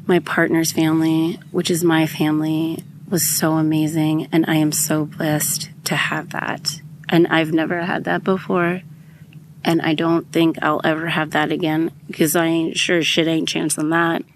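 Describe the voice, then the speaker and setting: A woman's voice: sits low, flat delivery, normal speed, a little hiss or hum. A young adult woman hosting a podcast, telling a personal story in a candid, emotional way and swearing freely. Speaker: podcast host.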